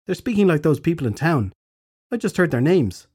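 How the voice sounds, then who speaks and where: A young queen from an audiobook, bewildered and commanding, asks things in an urgent voice, played by a man. The voice is pitched well above a man's own, and it is husky and mellow. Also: sing-song, a little fast. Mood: puzzled.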